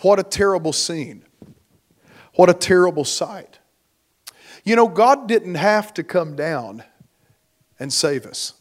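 A man preaching in a church, slow and deliberate, his voice a bit higher than most men's. He leans into key words with rising force and then lets them fall away. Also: animated. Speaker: pastor. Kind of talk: sermon.

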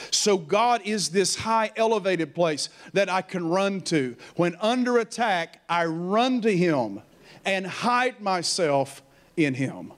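A male pastor preaching with a high, light voice. He leads the congregation in call-and-response and is animated throughout. He breaks into playful mocking stammers to drive home a point. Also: slow pace. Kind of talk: sermon.

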